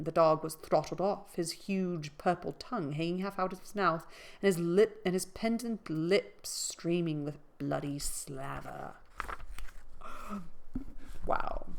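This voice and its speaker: A woman's voice: lowish voice, vocal fry. A woman reading a classic novel aloud as a podcast host, stumbling over words and stopping for casual asides.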